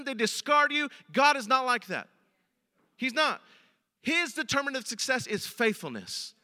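A man's voice: extremely high pitch, sharp tone. A man preaching a sermon as a pastor, speaking conversationally and addressing the congregation directly. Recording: long reverb of a large hall.

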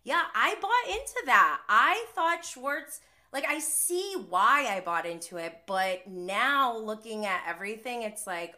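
Bright-voiced chatty woman recapping TV. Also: mid-range voice, lively intonation, slow pace. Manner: chatty, heavy use of "like", often laughing. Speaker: reality TV recap host. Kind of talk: casual live-stream recap commentary.

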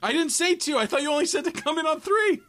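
A man's voice: extremely high pitch, lively intonation, quick pace, a bit bright, slight background noise. A man co-hosting a casual podcast, joking around and slipping into a cowboy drawl. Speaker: podcast co-host.

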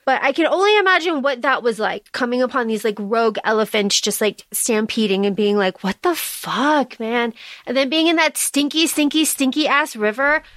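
Chatty woman, fairly high voice. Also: no room sound. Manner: chatty, animated retelling with fillers. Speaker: podcast co-host. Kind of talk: casual book-club podcast chat.

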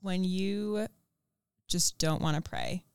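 A woman co-hosting a podcast, relaxed, asking questions in a hesitant way full of "like". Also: on the low side, slow pace, clean tone, no echo. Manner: relaxed, hesitant phrasing with many likes. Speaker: podcast co-host. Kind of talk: casual conversational interview.

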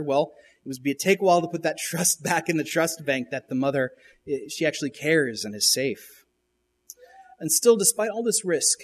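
A man's voice: sits high, breathy edge. A male pastor retelling a children's show episode during a sermon, with frequent restarts and emphatic rises.

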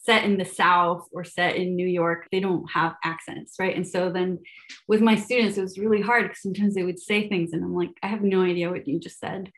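A chatty young Venezuelan woman who speaks Spanish appears as a math educator guest on a casual podcast interview, laughing often and using many fillers and restarts. Her voice is fairly low, steady, and brisk.

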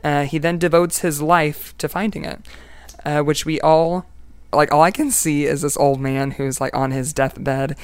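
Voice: mid-range voice, little pitch movement, a little slow, smooth, no echo. A podcast host telling a story in casual, playful chat, joking and laughing often.

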